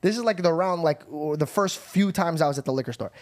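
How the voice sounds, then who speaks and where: High-voiced young man telling a story. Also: fast. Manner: laughing, animated, swearing. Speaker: podcast host. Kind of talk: casual storytelling chat.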